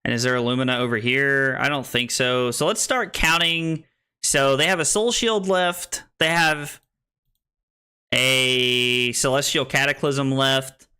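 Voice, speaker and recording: A man's voice: mid-range voice, fairly even intonation, measured pace, sharp tone, smooth. A young American man casually commenting on his card game stream, thinking aloud with many restarts. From United States.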